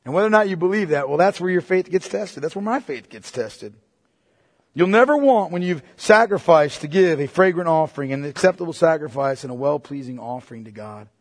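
Emphatic husky pastor in a reverberant hall. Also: male voice, a little high, lively intonation, a little fast. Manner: emphatic, repeats phrases, swings from loud to hushed. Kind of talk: sermon.

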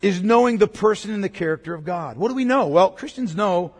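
A man with a high, expressive voice preaches a little fast, driving his sermon home by repeating key words and questioning the congregation. He is a pastor, and the recording carries the long reverb of a large hall.

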